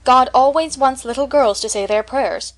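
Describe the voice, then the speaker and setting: A woman's voice: a little high, normal speed, lightly acted. A woman reading as a stern old spinster. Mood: shocked. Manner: stiff, scolding. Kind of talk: audiobook character reading.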